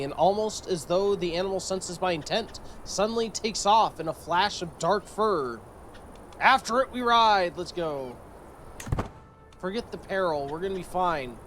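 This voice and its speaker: A man's voice: sits high, normal speed, a bit bright, slight background noise, poor audio. A man streaming a strategy game, reading event text aloud and adding joking, sarcastic commentary.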